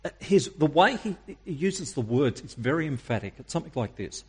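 A man preaching a sermon, emphatic and using dramatic pauses and rhetorical questions. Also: on the high side, expressive, slightly rough.

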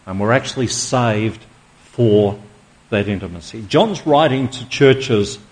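A middle-aged man preaching a sermon as pastor, emphatic, slowing down for dramatic stress and asking rhetorical questions. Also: on the low side, expressive.

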